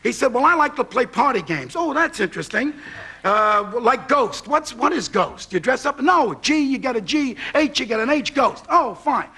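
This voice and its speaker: A man's voice: very high-pitched, lively intonation, moderate pace, pushed and bright, breathy edge. A man, telling a comic anecdote as a talk show guest and acting out both sides of the dialogue. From Brooklyn, New York. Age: 60s. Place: TV studio.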